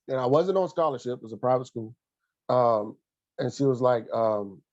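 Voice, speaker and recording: A man recalling his past in an interview, earnest and halting, pausing often with fillers and restarts. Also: mid-range voice, darkish tone, no echo, lo-fi sound. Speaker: guest, former college athlete and coach. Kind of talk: reflective interview storytelling.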